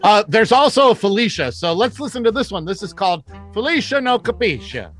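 A man's voice: sits high, moderate pace. A man hosting a podcast, chatting casually about music and laughing often. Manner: laughs often, lively and upbeat. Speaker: podcast host.

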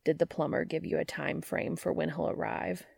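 A woman's voice: low voice, fairly even intonation, moderate pace, gravelly, darkish tone, breathy edge, dry recording, exaggerated voice. A woman voicing a weary, polite male café manager who keeps his tension restrained and his words clipped in an audiobook-style reading.

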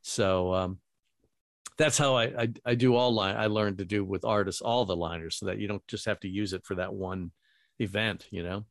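Low-voiced man telling backstage stories. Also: steady tone, moderate pace, no room sound, studio quality. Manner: rambling anecdotes full of quoted dialogue. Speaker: radio host and voiceover talent. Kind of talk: casual storytelling.

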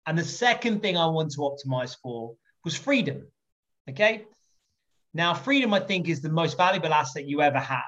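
A man being interviewed as a podcast guest, telling anecdotes in a lively, jokey way with swearing and laughter, in a muffled lo-fi recording. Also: a little high, normal speed.

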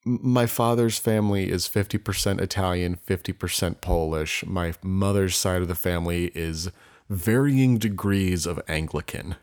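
A male podcast guest with a very low voice talks loosely and swears freely. He stumbles through plenty of "um"s and restarts as he chats casually. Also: normal speed, a little mellow. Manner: loose and profane, many "um" and restarts. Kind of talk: casual chat.

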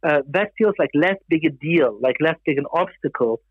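A man who grew up in Germany, a guest giving thoughtful, measured interview answers with some fillers. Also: a little high, animated, dry recording, narrow, tinny audio.

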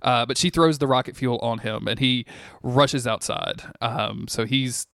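A man co-hosting a podcast recaps a TV episode in loose, rambling chat, circling back on himself and cursing. His voice sits at an ordinary middle pitch. The recording is close and dry, with no room sound. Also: measured pace, vocal fry, fairly bright tone, dry recording. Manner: rambling, laughing, frequent restarts and swearing. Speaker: podcast co-host.

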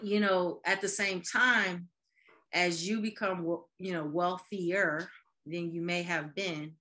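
A woman in casual podcast chat, animated, laughing often and acting out quoted voices. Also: lowish voice, slow pace. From Midwest.

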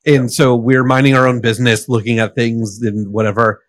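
A man's voice: medium pitch, little pitch movement, fairly quick, no echo. A man co-hosting a podcast, telling a story casually with lots of fillers and restarts. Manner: rambling, filler-heavy storyteller. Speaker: podcast co-host.

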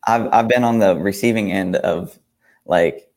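A man's voice: sits low, measured pace, a little mellow. A young man co-hosting a talk show, chatting casually in a hesitant way full of fillers. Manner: easygoing, hesitant, with many fillers. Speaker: co-host. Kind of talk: casual chat.

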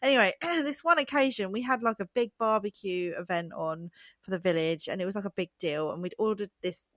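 A woman's voice: mid-range voice, fairly quick, no room sound. A woman co-hosting a wedding podcast, telling a funny story with lots of laughter. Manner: giggly, animated storyteller. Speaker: podcast co-host. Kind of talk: casual chat.

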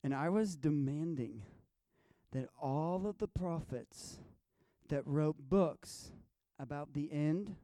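High-voiced guy telling his vision stories, goes quiet then loud, dry close sound. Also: slow, no room sound. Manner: animated, swinging from hushed to loud. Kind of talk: storytelling about dreams and visions.

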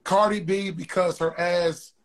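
A male comedian in his thirties appears as a guest on a casual podcast, chatting loosely and telling boastful stories. His voice sits high, with fairly even intonation and a measured pace.

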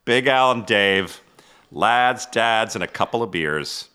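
A man's voice: lowish voice, animated, slow pace, pushed and bright, smooth. A man hosting a podcast, effusive and exclamatory. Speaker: podcast host. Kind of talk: casual chat. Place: studio.

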